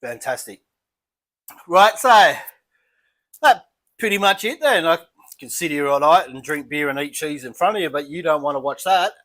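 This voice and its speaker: A man's voice: fairly high pitch, moderate pace, pauses often. Chatty Australian man tasting beer. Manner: relaxed, chatty, thinking aloud while eating and sipping. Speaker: beer reviewer. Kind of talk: casual tasting vlog.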